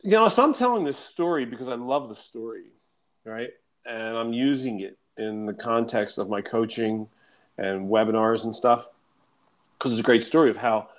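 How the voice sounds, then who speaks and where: Male coach, casual storyteller with a mid-range voice, animated and profane, acts out quotes. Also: mid-range voice.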